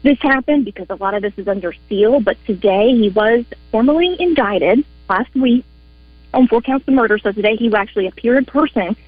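A woman's voice: fairly high pitch, a little fast, dry recording, faint music behind. A woman, a court correspondent and attorney, energetically explaining a case on a radio show. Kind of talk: live news report on radio. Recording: dull lo-fi broadcast sound.

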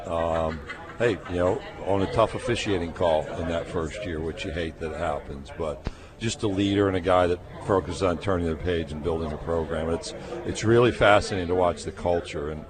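A man's voice: low-pitched, steady tone, brisk. A middle-aged man from New York State with a Great Lakes accent, a guest telling stories with dry humor in a radio interview. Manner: anecdotal, storytelling with dry humor. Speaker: guest, conference commissioner. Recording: crowd chatter behind. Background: crowd chatter.

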